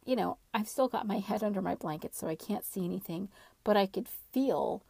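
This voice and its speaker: A woman telling a personal story casually, in an animated, dramatic way. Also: mid-range voice, moderate pace, gravelly, husky, dry recording.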